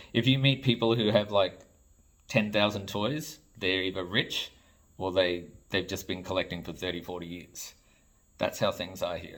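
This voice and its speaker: An Australian toy designer rants to the camera in vlog-style commentary, exasperated and blunt, swearing freely. His voice is on the low side and a bit bright.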